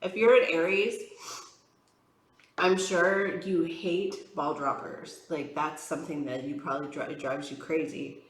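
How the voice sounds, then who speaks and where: A woman with a slightly low voice chats in a loose, rambling way, filling her talk with "like" and "um". She sounds frank and a bit exasperated, speaking casually as a tarot reader on her vlog. The sound carries a noticeable room echo. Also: fairly even intonation, a little slow. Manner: rambling, many fillers like "like" and "um". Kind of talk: casual chatty vlog while doing makeup.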